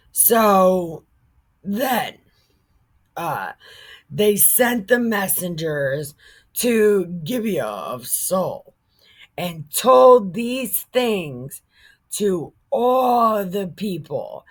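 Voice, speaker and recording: A woman's voice: medium pitch, big pitch swings, very slow. A woman retelling a Bible story in a casual, irreverent way, joking, swearing, and stumbling over words.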